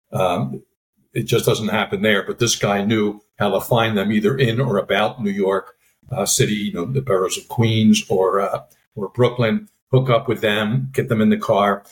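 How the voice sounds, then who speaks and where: A man co-hosting a podcast as a former FBI agent, explaining in a casual, halting way with many fillers and restarts. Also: on the low side, poor audio.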